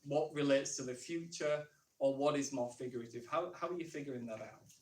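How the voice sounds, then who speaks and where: A man's voice: medium pitch, brisk. Man preaching in an echoey church hall. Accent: Northern English. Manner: conversational, thinking aloud with questions. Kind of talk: sermon. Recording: echoey church room from far off.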